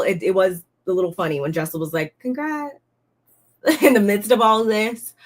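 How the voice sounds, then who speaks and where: A young woman giving a casual, blunt recap of a reality show, talking in slang and often sounding fed up. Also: on the high side. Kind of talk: casual commentary.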